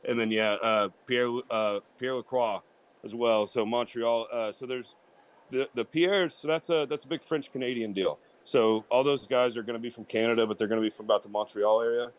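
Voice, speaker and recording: A man's voice: medium pitch, steady tone, normal speed. A man co-hosting a casual sports talk show, rambling and restarting his sentences with lots of fillers. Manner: rambling, repeats himself with many fillers. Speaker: co-host.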